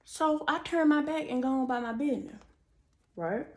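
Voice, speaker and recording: A young woman telling a storytime tale to her viewers in a sassy, animated way, chatting through asides while she does her makeup. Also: high-pitched, normal speed. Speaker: storytime vlogger. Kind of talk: casual storytime chat.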